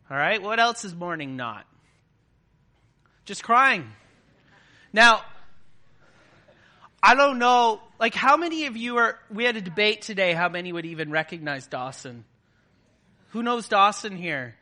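A man's voice: high-pitched, big pitch swings, measured pace, pauses often, sharp tone. A man preaching a conversational sermon to a live congregation, often checking in with his listeners. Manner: conversational, keeps checking in with the audience.

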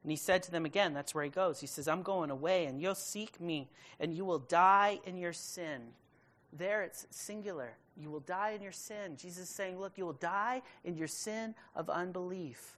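A woman with a fairly low voice leads a Bible study. She reads scripture aloud, then retells it in loose, casual speech. She stretches important words out slowly for emphasis. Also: a bit bright. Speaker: Bible teacher.

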